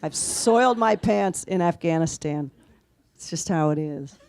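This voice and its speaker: A woman author telling anecdotes in an interview, in a lively way and quoting the people she met. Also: on the low side, measured pace. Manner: animated anecdotal, quotes others with laughs. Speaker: author guest. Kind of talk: conversational interview storytelling.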